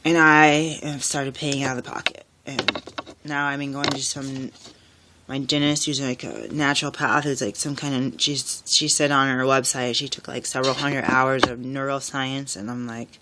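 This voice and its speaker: A woman's voice: rumbling low, steady tone, normal speed, noisy background. A tired single mother rambling through a personal vlog, full of fillers and restarts, sounding exhausted. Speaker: single parent vlogger.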